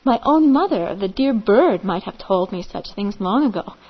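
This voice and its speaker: A woman's voice: mid-range voice, very animated, moderate pace, gravelly, dull audio. A woman voicing a brave, stubborn little male parrot in a fable, who speaks defiantly and coughs from smoke.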